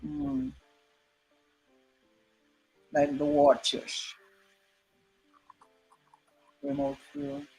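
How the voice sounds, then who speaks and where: A person in a relaxed chat, musing aloud with many hums and small laughs. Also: sits high, drawn-out words, vocal fry, pauses often, soft background music, poor audio. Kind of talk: casual chat.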